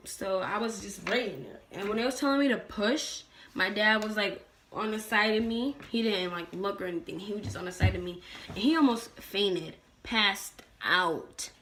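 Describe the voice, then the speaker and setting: Blunt, animated young woman, mic far off. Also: medium pitch, normal speed. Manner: animated, blunt and profane, acting out the people in her story. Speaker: vlogger telling her own story. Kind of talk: casual storytelling. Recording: distant mic with faint background noise.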